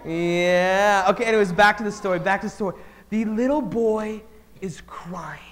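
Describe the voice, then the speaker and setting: A man telling a story to children and asking them questions, swinging between loud and hushed. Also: sits high, normal speed, slight background noise. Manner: engages the audience with questions. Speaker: speaker at a children's event.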